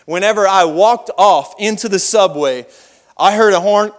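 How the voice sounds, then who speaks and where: Male pastor, higher register, folksy storyteller who wanders into asides mid-sermon. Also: expressive, normal speed, a bit bright. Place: church service.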